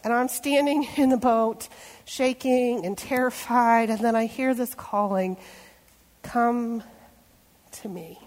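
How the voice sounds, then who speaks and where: A woman pastor preaching a sermon, telling a story and acting out voices, sometimes dropping to a hushed tone. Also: fairly high pitch, steady tone, a little slow. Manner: storytelling, acts out voices, drops to hushed tones. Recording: long hall reverb.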